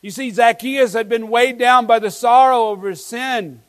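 Guy preaching a sermon, pretty high voice, earnest and emphatic, lots of questions to the crowd. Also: normal speed, rough recording. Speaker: pastor.

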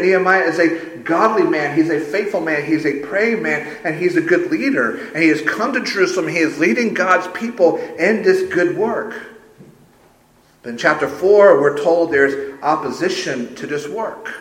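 A man's voice: fairly high pitch, normal speed, a bit bright. A man preaching a sermon as a pastor, emphatic and conversational. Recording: roomy echo.

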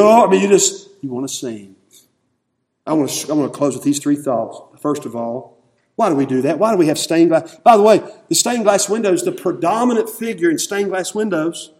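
Man preaching, slightly high voice, impassioned, loud then hushed, church sanctuary. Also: expressive, a little fast. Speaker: pastor. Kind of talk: emotional sermon.

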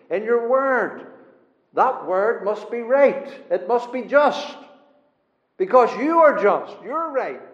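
A man preaching a sermon in an earnest, emphatic way, his phrases often falling soft at the end. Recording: echoey hall, dull low-fi sound.

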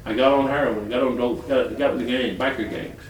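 A man's voice: mid-range voice, steady tone, fairly quick, slight background noise. An older man from Detroit preaching a folksy, colloquial sermon full of rambling stories and chuckles. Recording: echoey hall from far off.

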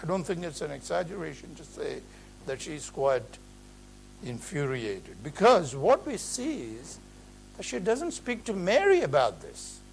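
A man preaching an earnest, emphatic expository sermon in a measured way. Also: a little high, very animated, gravelly, slight background noise, rough recording.

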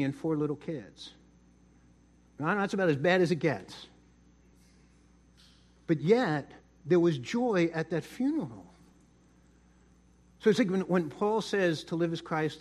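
Middle-aged New pastor, chatty sermon. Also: male voice, on the high side, darkish tone. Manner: conversational storytelling, repeats words. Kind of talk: sermon with personal story.

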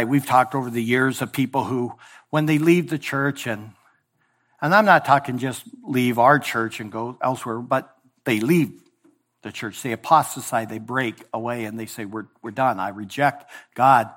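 A male pastor preaching a sermon in a church, voicing scripture and God's words with swings from loud emphasis to hushed tones. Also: mid-range voice, fairly even intonation, normal speed. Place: church sanctuary.

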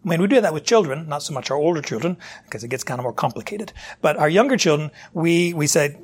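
A man's voice: on the high side, very animated, a little fast, husky. A man preaching a sermon, asking rhetorical questions and voicing God's challenges to his listeners. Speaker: pastor.

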